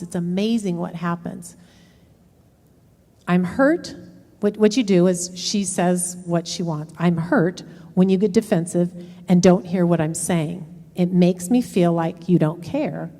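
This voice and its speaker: A woman's voice: fairly low pitch, a little mellow, big-room sound. A middle-aged woman counselor giving a workshop talk, explaining step by step and acting out dialogue from examples. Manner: explanatory, acts out quoted dialogue. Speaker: relationship counselor. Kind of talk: workshop presentation. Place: lecture room.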